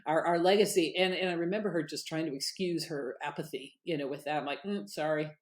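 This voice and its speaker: A middle-aged woman, a guest on an interview show, telling stories in an animated, emphatic way. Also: low voice, fast. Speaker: guest, author and former candidate. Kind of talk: conversational interview storytelling.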